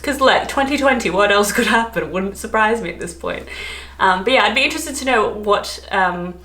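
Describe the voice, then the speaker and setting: A woman's voice: medium pitch, expressive, moderate pace, pushed and bright. A woman with an Australian accent, chatting casually to camera, rambling and often laughing. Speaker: travel vlogger. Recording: echoey room, faint ambience.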